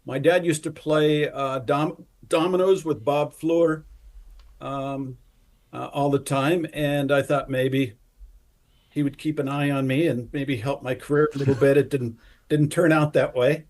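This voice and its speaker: A man's voice: a little high, fairly even intonation, a little mellow. An older man co-hosting a casual talk, recalling his past work at an easy pace with many fillers. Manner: reminiscing, unhurried, with many fillers. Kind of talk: casual chat.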